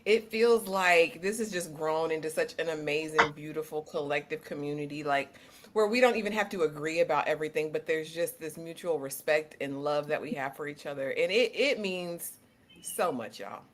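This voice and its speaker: A woman's voice: sits low, moderate pace, slight background noise. A woman co-hosting a casual livestream, reading out viewer messages and speaking earnestly and heartfelt, searching for words with many "like"s. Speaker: co-host of an anniversary livestream. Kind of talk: casual livestream chat, reading out super chats.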